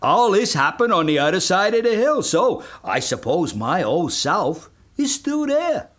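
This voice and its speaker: A man's voice: high voice, sing-song, measured pace, fairly bright tone, pitched above the performer's own voice, exaggerated voice. A man voicing a breezy, easily offended male butterfly in a children's storybook. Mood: airy.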